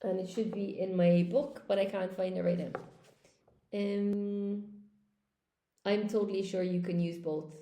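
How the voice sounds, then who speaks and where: Chatty Irish woman with a gravelly voice. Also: medium pitch, level tone, unhurried, pauses often, mellow, roomy sound. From Ireland. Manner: chatty, thinks aloud, reads out comments. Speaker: English teacher. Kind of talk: live-stream lesson, answering viewer chat.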